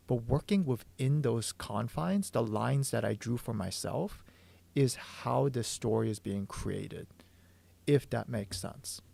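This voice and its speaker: A man working as a manga artist who thinks aloud while drawing on a stream, eager and full of stumbling restarts, hoarse from losing his voice. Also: mid-range voice, darkish tone. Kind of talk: livestream drawing explanation.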